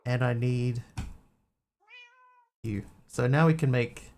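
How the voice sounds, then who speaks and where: A man streams a game and rambles, talking to himself as he plays in casual commentary. His mid-range voice is slow and darkish, with a little hiss or hum in the recording.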